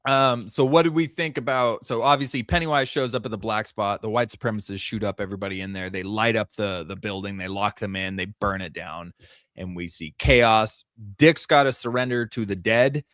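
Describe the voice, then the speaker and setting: A man's voice: lowish voice, a little fast, fairly bright tone, no echo, clean studio sound. A man hosting a casual podcast review, retelling scenes animatedly and laughing often. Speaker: podcast host.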